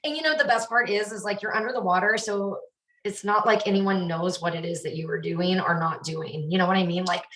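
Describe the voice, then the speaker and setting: A woman's voice: fairly low pitch, brisk, a bit bright. Chatty woman, roomy. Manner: chatty, bubbly, answers viewers by name. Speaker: fitness instructor. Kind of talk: casual cooking chat on a live stream. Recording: roomy sound, mic at a distance.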